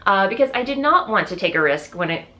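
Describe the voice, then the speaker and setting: A woman's voice: mid-range voice, big pitch swings, fast, bright, forceful tone. A woman hosting a knitting video podcast, chatting casually to viewers in an enthusiastic, rambling way with lots of fillers and restarts.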